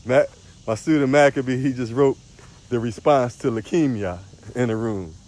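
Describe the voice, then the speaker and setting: A man's voice: medium pitch, moderate pace, darkish tone. A man, a spiritual teacher, preaching on a livestream outdoors, repeating phrases with a sing-song emphasis.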